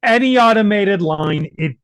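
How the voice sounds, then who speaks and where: A man playing a tabletop game, asking careful, deliberate questions. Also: sits high, lively intonation, fairly bright tone, no room sound. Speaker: player. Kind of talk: casual tabletop game chat.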